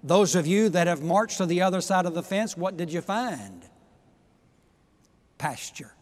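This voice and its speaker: A man preaching a sermon, emphatic, swinging from quiet asides to loud exhortations. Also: sits high, lively intonation, unhurried, big-room sound. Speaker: pastor.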